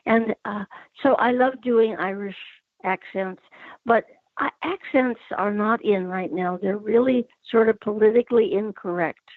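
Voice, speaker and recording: Husky older woman on a phone line. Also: mid-range voice, no room sound. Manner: chatty, halting with fillers. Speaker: author guest. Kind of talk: casual interview chat. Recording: tinny phone line, dry.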